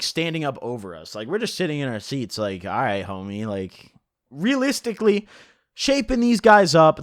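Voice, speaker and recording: Animated young man telling a wild story. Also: on the high side, no room sound, studio quality. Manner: animated, profane, joking. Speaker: vlogger. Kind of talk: storytime vlog.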